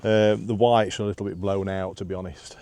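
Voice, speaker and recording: A man's voice: low voice, level tone, fairly quick, warm tone, no room sound. A man, chatting casually as he walks and films outdoors on a breezy hillside, rambling with lots of "uh" fillers. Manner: chatty and rambling, many "uh" fillers, self-deprecating. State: out of breath after climbing. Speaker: vlogger. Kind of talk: casual walking vlog narration. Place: outdoors on a windy hillside path.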